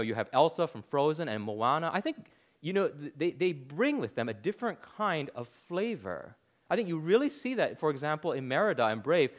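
Animated preaching man, lively pitch. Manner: animated preaching with rhetorical questions and sarcasm. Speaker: pastor. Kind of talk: sermon.

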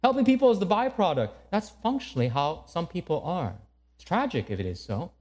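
A man's voice: high-pitched, very animated, a little fast, darkish tone. A man preaching a conversational sermon full of rhetorical questions.

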